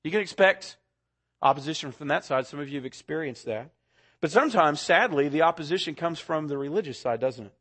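A pastor preaching a sermon, swinging between loud, urgent lines and hushed, quiet ones. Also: male voice, a little high, lively intonation, a little fast, breathy edge.

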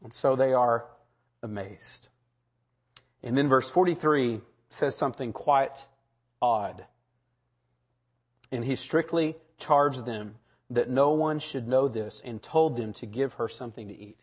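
A man's voice: medium pitch, a little slow, pauses often, slightly rough. A man preaching a sermon, building to emphatic rhetorical questions. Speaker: pastor.

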